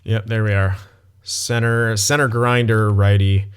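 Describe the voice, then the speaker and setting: A young man casually commenting on his gameplay as he plays, thinking aloud, swearing and blurting sudden excited outbursts. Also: on the low side, unhurried, smooth. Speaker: gaming channel host.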